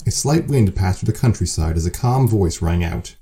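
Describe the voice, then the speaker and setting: A man's voice: deep voice, expressive, normal speed, mellow. A man hosting a story show and narrating a fan story, with dry, self-mocking humor. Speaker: host and narrator.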